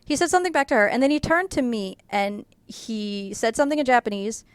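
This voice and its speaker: A woman's voice: fairly high pitch, animated, fairly quick, smooth, no echo. An American woman telling a rambling story casually, with lots of fillers. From United States. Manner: chatty, rambling with many fillers, laughs through the telling. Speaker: artist vlogger.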